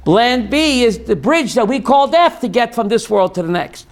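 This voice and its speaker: In a very high-pitched voice at normal speed, a rabbi conducts a Jewish theology class. He asks call-and-response questions and becomes animated as he mimics the people he quotes.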